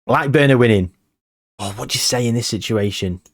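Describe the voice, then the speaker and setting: A man, tired, giving casual commentary on a football management game and muttering player names between bursts of excitement. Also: mid-range voice, fairly quick, no room sound, studio quality. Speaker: gaming channel host.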